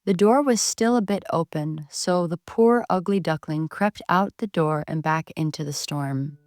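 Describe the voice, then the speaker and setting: A woman reading a bedtime story aloud in a gentle, expressive way. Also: low-pitched, measured pace, no room sound.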